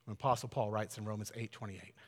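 A man preaching a sermon in a church sanctuary, talking conversationally and earnestly, building to loud emphatic peaks. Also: lowish voice, steady tone, fast talker, big-room sound. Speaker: pastor.

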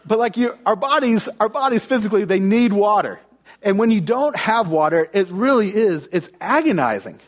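A man's voice: high-pitched, animated, moderate pace. A young man from the United States preaching a conversational sermon, telling stories and often restarting his phrases.

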